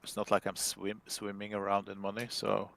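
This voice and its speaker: A man's voice: on the low side, completely flat delivery, moderate pace, creaky, fairly bright tone, a little hiss or hum. A man co-playing a football management game, giving short, laid-back replies. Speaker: co-player. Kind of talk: casual gaming chat.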